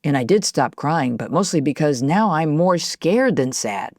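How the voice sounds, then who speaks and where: A woman narrating an audiobook in the first person, telling the story in a lively, confiding way as a young girl. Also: low voice, normal speed, few pauses, no echo, studio quality.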